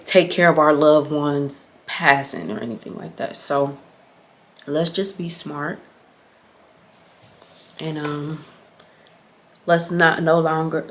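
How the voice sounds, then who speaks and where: A young adult woman vlogger talking casually and earnestly about self-discipline, reflective and rambling with many fillers. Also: deep voice. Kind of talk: casual advice chat.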